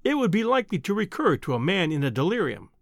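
A man's voice: high-pitched, big pitch swings, quick pace, gravelly, dry recording, studio quality, full character voice. A man voicing a skeptical young journalist.

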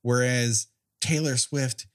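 A man's voice: mid-range voice, slow pace. A man co-hosting a casual chat, joking and laughing often as he riffs. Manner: jokey, animated, laughs often. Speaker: podcast co-host.

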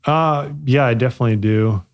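A man being interviewed about his bike company, speaking reflectively with many pauses, fillers and restarts as he searches for words. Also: mid-range voice. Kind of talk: casual interview.

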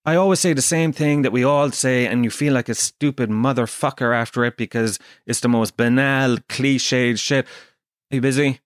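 An Irish man hosting a podcast, telling animated comic stories with plenty of swearing. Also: medium pitch, normal speed, hardly any pauses, no room sound, studio quality. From Ireland. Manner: animated storytelling, swears a lot, acts out quotes. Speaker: podcast host. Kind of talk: casual comedic monologue.

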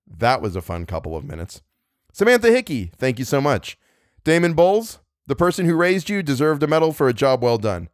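A man's voice: medium pitch, very animated, fairly quick, no echo, clean studio sound. A man hosting a story podcast, chatting casually and joking at his own expense. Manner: playful, self-mocking, exaggerated groaning. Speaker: podcast host and reader. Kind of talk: casual podcast outro and outtakes.

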